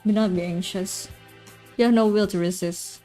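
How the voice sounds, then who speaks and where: A woman voicing a cold, scheming male doctor in a visual novel, speaking calmly and formally. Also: medium pitch, moderate pace, faint music behind, lightly acted. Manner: calm, formal, menacing.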